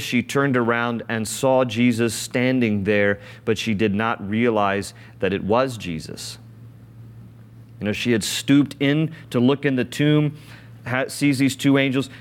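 A man's voice: medium pitch, fairly even intonation, normal speed. A man preaching a sermon, reading scripture aloud and explaining it in an earnest, conversational way. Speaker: pastor.

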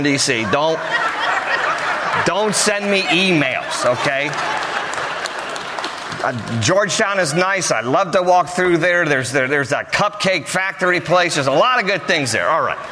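A man's voice: fairly high pitch, animated, moderate pace, over a noisy crowd, heavy background noise. A man preaching a sermon, joking conversationally and telling the story with plenty of animation. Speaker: pastor. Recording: hall reverb.

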